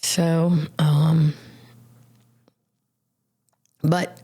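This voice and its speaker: A woman's voice: low-pitched, flat delivery, drawn-out words, dark tone, husky. A woman sharing her life story as a guest on a podcast, telling it animatedly with casual slang and acted-out quotes. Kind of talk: personal testimony in a podcast interview.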